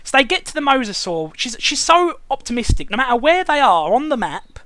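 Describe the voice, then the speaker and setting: A man's voice: very high voice, very animated, brisk, sharp tone. A man hosting a casual review chat, ranting sarcastically and swearing often. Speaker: show reviewer and host.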